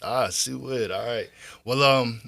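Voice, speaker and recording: A man from Georgia with a Southern accent, a podcast guest telling stories about his life in a relaxed, rambling way full of fillers and restarts. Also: medium pitch, unhurried, creaky. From Georgia, USA. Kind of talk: casual storytelling.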